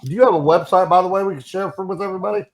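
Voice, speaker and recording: A man's voice: sits high, racing. A man hosting a podcast in a loose, chatty way, leading the talk and the breaks. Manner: loose, chatty, drops fillers. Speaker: podcast host. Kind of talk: casual podcast chat.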